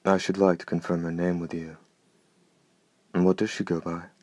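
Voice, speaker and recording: A man's voice: deep voice, little pitch movement, normal speed, no room sound, natural voice. A man voicing a gloomy, courtly night stalker. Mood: courtly menace. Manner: soft, courtly, menacing. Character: gloomy, gorgeous-voiced male night stalker. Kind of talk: audiobook character reading.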